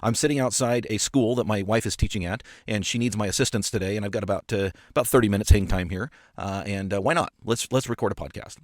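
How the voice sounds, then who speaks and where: A man's voice: medium pitch, dry recording. A man hosting a casual podcast monologue, passionate and emphatic, with frequent fillers and repeated words, recorded on a studio microphone in a parked car. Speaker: podcast host and appraiser coach.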